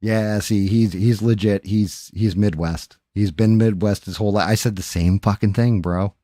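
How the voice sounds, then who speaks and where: A man's voice: lowish voice, fairly even intonation, moderate pace, dark tone, dry recording, studio quality. A man hosting a live stream, chatting casually and rambling to viewers with frequent profanity, into a microphone. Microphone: studio microphone.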